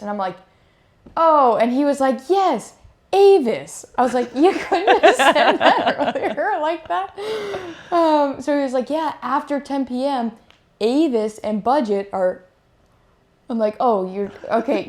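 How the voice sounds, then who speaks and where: A young woman, a pro beach volleyball player, casually telling a travel story with lots of fillers and acted-out quotes. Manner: animated, acts out quotes in higher voice; many fillers, "like" and "I'm like".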